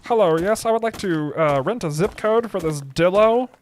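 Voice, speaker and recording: A man's voice: high-pitched, lively intonation, normal speed, a little hiss or hum, voice pushed up. A man voicing a polite, mock-formal male caller phoning in an odd request.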